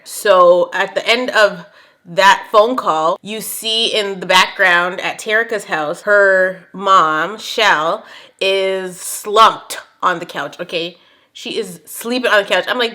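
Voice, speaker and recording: A young woman hosting a casual TV recap, talking in a sassy, animated way and laughing often. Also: medium pitch, takes it slowly. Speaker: recap show host.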